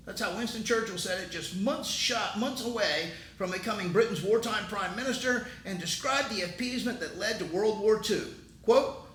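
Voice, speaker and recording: A man's voice: animated, moderate pace, a bit bright. A man hosting his own political commentary show, talking in an emphatic, indignant way. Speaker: host. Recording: roomy, distant mic, faint rumble.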